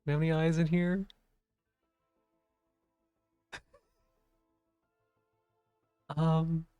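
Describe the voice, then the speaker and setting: A giggly woman streamer on a close desk mic, talking slowly, worn out from laughing fits late at night. Her voice is dry and close, with faint music underneath. She stays playful, chatting to viewers and to herself. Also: sits low, little pitch movement, dark tone, smooth, dry recording. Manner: playful, talks to chat and to herself. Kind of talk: casual live game commentary.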